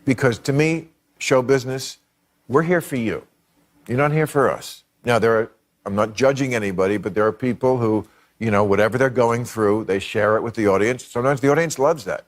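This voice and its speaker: A man's voice: medium pitch, brisk. A man talking earnestly and reflectively as a comedian in an interview. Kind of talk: casual interview talk.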